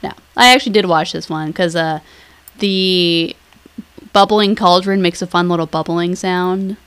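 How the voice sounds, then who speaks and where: A woman's voice: on the low side, measured pace, a bit bright, clear, resonant tone. Rambling, giggly young woman recapping. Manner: rambling and giggly, casual swearing. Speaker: podcast co-host. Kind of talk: casual chat, episode recap.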